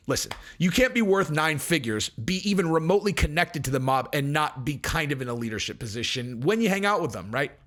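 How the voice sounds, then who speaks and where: Profane, animated male vlog host. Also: on the high side. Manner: profane, blunt, animated ranting. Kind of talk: casual ranting commentary.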